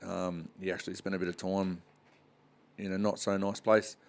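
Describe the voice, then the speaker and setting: An Australian podcast co-host with a lowish voice who talks in a relaxed, easygoing way. He pads his sentences with ums and yeahs as he chats. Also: normal speed, gravelly. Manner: easygoing, fills with "um" and "yeah". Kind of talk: casual chat.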